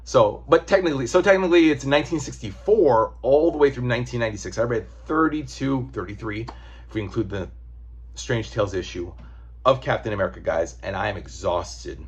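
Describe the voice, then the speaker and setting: A man's voice: medium pitch, fairly quick, breathy edge. A man giving a casual, rambling comic book review, loose and profane.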